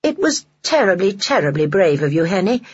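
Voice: mid-range voice, very animated, fairly quick, slightly rough, dull audio. A narrator voicing a caring mother who fusses over the family's nanny. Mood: fond.

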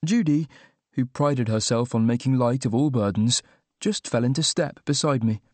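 A man's voice: mid-range voice, moderate pace, darkish tone, dry recording. Young male audiobook narrator, wry, dry close mic. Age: young adult. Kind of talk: first-person audiobook narration.

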